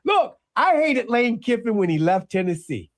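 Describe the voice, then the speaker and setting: Animated high-voiced radio sports host. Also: male voice, normal speed. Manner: emphatic, animated, repeats phrases for effect. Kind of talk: casual sports talk debate. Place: radio studio.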